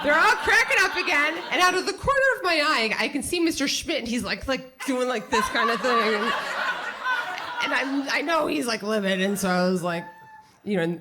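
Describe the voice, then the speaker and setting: A woman telling a funny personal story live on stage, animated and self-mocking, full of "like.". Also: mid-range voice, background noise. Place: small theater stage with audience.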